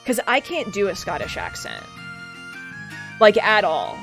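Brief: woman streamer-GM, animated, self-deprecating, casual. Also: mid-range voice, unhurried, faint music behind. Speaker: streamer and game master. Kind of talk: casual chat.

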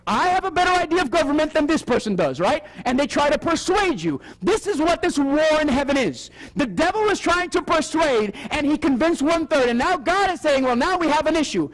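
High, lively-voiced male preacher. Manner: animated, asks the audience questions often; acts out quoted voices. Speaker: seminar preacher. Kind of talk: Bible prophecy sermon.

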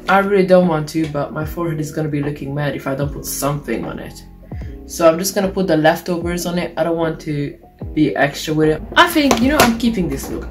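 A young woman, chatting casually and swearing playfully while doing her makeup on camera. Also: low voice. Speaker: beauty vlogger. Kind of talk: casual get-ready-with-me chat. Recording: music playing underneath. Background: background music.

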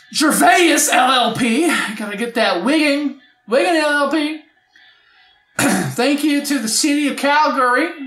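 A woman hosting a casual movie riff track, animated and prone to loud outbursts while she reads the credits aloud. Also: sits high. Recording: echoey room with faint music.

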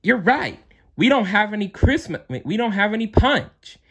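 Storybook read-aloud: a man doing an earnest young queen, pitched well up and lively. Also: normal speed, slightly rough, full character voice. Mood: flustered. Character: young adult ice queen, older sister, eager.

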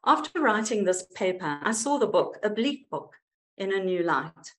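A woman psychoanalyst reading a prepared paper aloud in a measured, wry, expressive way. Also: medium pitch, poor audio.

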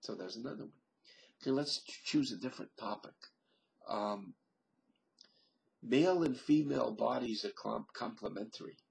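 A man talking slowly into his webcam at home, musing and thinking aloud with many pauses and fillers. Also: mid-range voice, gravelly. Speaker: vlogger. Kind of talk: rambling solo webcam monologue.

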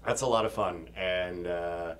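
An excitable man with a slightly low voice chats in an interview, laughing often and bursting into acted-out quotes. He was recorded at a convention, with a faint hiss of background noise. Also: unhurried. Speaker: voice actor guest. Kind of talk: casual interview chat. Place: convention room.

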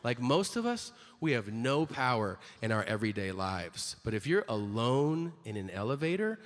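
A man's voice: mid-range voice, big pitch swings, moderate pace. Man doing stand-up in a reverberant hall. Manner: wry, conversational storytelling. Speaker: stand-up comedian. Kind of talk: stand-up set. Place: comedy stage. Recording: long hall reverb with faint ambience.

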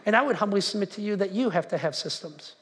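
Animated high-voiced man preaching. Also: fast talker. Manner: conversational, animated, shouts acted-out quotes. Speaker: pastor. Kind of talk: sermon. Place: church sanctuary.

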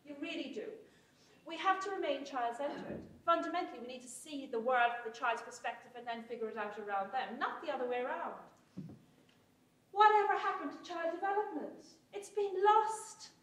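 High-voiced woman giving an echoey keynote. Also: moderate pace. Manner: lively, irreverent, wry asides. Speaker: keynote speaker, chief executive. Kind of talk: conference keynote talk. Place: hotel conference hall. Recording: echoey hall, mic from far off.

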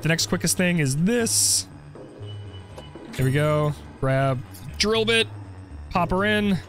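A young man commenting on his game play, joking and getting excited as he goes. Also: a little high. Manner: jokey, excitable, role-plays as the character. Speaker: gaming video creator.

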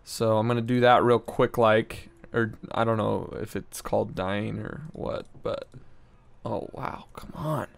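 A man's voice: fairly low pitch, steady tone, unhurried, gravelly. A man giving casual, slangy game commentary, talking to himself and getting easily frustrated as he plays. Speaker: gameplay commentator.

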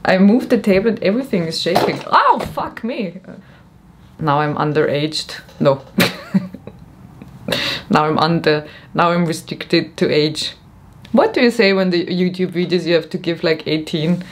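A woman's voice: lowish voice, measured pace, a little hiss or hum. A young woman rambling in a comedic vlog, frazzled and worn out, self-mocking and giggly. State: frazzled and mentally tired. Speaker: vlogger.

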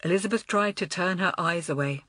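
A woman narrating a children's audiobook in an expressive, lively way. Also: lowish voice, fairly quick, no echo, studio quality. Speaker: audiobook reader. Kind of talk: storybook narration.

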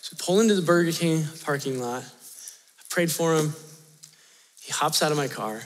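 Youth pastor, man, high voice, lively storytelling sermon, long hall reverb. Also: normal speed. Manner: animated, chatty, laughs often, talks straight to the audience.

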